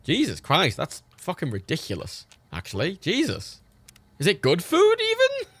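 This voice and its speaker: A man's voice: sits high, huge pitch swings, moderate pace, fairly bright tone, no room sound. A British man chatting on a live game stream, swearing and laughing in disbelief. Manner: sweary, exasperated, laughs often.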